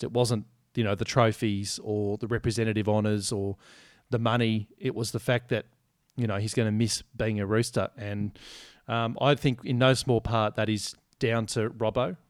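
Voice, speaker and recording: A man's voice: fairly low pitch, dry recording, clean studio sound. A man co-hosting a podcast, chatty and joking, swearing freely. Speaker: podcast co-host. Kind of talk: casual sports chat.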